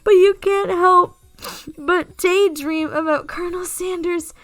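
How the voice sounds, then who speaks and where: High-voiced giggly woman playing a game. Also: fairly even intonation, unhurried, fairly bright tone, soft background music. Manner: giggly, rambling, swears often. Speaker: game streamer. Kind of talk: let's play commentary with read-aloud game text.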